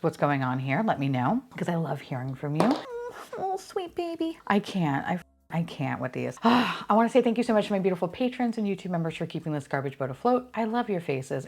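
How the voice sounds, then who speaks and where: Excitable, swearing woman unboxing toys. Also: on the low side, fairly quick, background noise. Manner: excitable and profane, gasping and squealing at finds. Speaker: unboxing vlogger. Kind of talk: casual unboxing chat.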